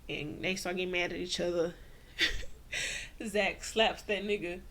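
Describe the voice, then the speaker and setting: A woman's voice: on the low side, steady tone, unhurried, a bit bright, a little hiss or hum. A woman giving a casual, slangy TV recap, acting out the characters' lines and laughing often. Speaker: TV recap vlogger.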